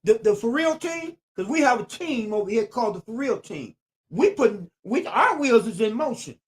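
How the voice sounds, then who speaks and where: With an extremely high voice that swings widely in pitch, a man speaks at a moderate pace on his live stream. He keeps repeating his phrases with a preacher's emphasis, addressing viewers directly and pausing at times to greet them by name.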